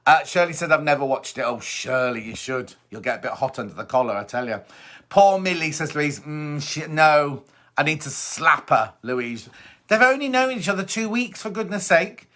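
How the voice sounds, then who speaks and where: This middle-aged sewing-show host chats casually on a live broadcast, reading viewer comments and teasing in a gossipy way. His voice runs on the high side, expressive, pushed and bright, at a normal speed.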